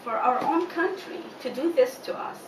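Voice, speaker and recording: Woman telling her story, lots of quoting people, kinda high voice, echoey far-off noisy recording. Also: expressive, a little fast. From United States. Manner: earnest, retells conversations with many quoted lines. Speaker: mother of a jailed son, interviewee. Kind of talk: emotional personal account in an interview. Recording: echoey room, distant mic, noisy.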